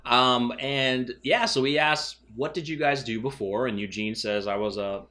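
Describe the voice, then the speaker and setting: A man co-hosting a comic review podcast in casual chat, acting out the characters' lines in quick voices. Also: medium pitch, sharp tone.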